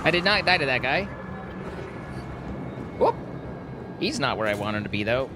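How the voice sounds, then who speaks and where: A man streams a game and chats casually with his viewers, reacting to what happens on screen. His medium-pitched voice swings widely in pitch at a normal speed, and the recording is very noisy, with game music behind him.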